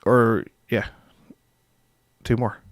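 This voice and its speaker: A man's voice: medium pitch, level tone, drawn-out words, dry recording, clean studio sound. A young man casually hosting a live stream as dungeon master, rambling with filler words and chuckling as he reads viewer comments.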